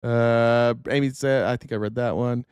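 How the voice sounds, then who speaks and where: A man's voice: medium pitch, fairly even intonation, normal speed, darkish tone, clean tone, dry recording. A man in his thirties from the United States, hosting a live-stream and ranting angrily with profanity. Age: 30s. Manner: angry, profane, repetitive. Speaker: show host. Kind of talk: live-stream political rant.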